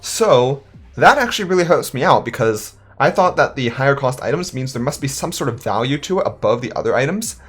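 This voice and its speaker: A man's voice: mid-range voice, expressive, fairly quick, a bit bright, breathy edge. A young man in his twenties casually talking through a video game, upbeat and rambling, often correcting himself. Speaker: gaming video host. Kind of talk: casual gameplay commentary.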